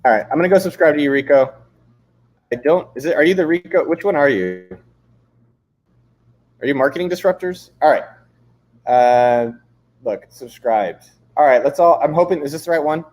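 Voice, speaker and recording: A man's voice: a little high, lively intonation, normal speed, long pauses, a little mellow. A man hosting a live stream, reading comments aloud and chatting casually with frequent swearing and jokes. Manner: casual, profane, joking, reads chat aloud. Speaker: livestream host. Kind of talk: casual livestream chat. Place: San Diego, California.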